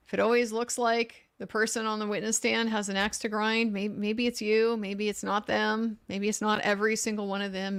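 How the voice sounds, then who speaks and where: A woman's voice: on the high side, a bit bright. Frank, opinionated woman commentator. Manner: frank, opinionated, talks with frequent restarts and laughs. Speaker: legal commentator hosting a livestream. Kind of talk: casual live commentary reading viewer comments.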